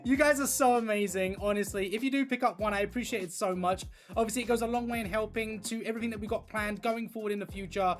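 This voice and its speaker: A livestream host and content creator chatting casually with viewers while colouring, excitable and gushing. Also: medium pitch, quick pace, few pauses, soft background music. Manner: excitable and gushing, talking to chat.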